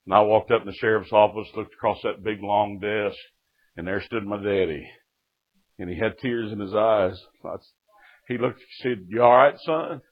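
A man's voice: fairly low pitch, fairly even intonation, normal speed. A middle-aged man, preaching and telling his testimony with fervor, often breaking in with "Amen". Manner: fervent storytelling, punctuated with "Amen". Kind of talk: sermon testimony. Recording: tinny lo-fi phone-like sound.

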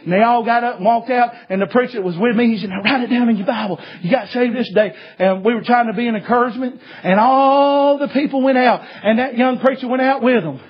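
Male preacher, very high husky voice, folksy storyteller, dull lo-fi recording. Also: fast, few pauses. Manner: folksy, repetitive, many "uh" fillers, rising to shouts. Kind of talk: sermon storytelling.

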